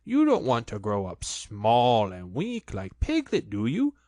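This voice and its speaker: Kanga, a man playing a brisk motherly kangaroo. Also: medium pitch, wildly swooping pitch, a little mellow, dry recording, studio quality. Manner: soothing, cheerful, firm. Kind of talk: storybook reading.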